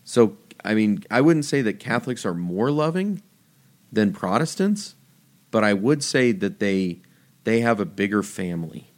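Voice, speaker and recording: Animated man chatting about faith. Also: on the low side, a little slow. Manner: animated storyteller, voice jumps up for quoted lines. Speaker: podcast host. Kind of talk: casual faith conversation.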